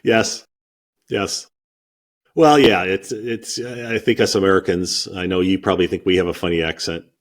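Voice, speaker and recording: A man's voice: sits low, steady tone, normal speed. A man hosting a podcast, chatting casually and agreeably with his guest, often repeating his own phrases. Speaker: podcast host. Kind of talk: casual interview chat.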